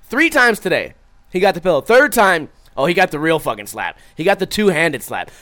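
Young male streamer, loose profane chat, lively swoops, slightly high voice. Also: fairly quick. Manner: profane, animated, acts out his own stories. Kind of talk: casual chat reading viewer comments.

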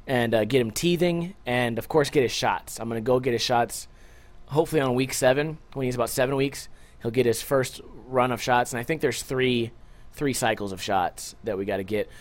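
A young adult man hosting a casual solo podcast, rambling loosely with lots of swearing and jokes, tired from a short night's sleep. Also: mid-range voice. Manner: loose, profane, rambling and joking. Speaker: podcast host.

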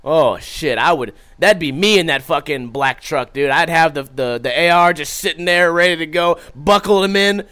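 A man's voice: a little high, normal speed, few pauses, clean tone. A young man streaming, chatting casually and profanely, acting out his stories and reading viewer comments. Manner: profane, animated, acts out his own stories.

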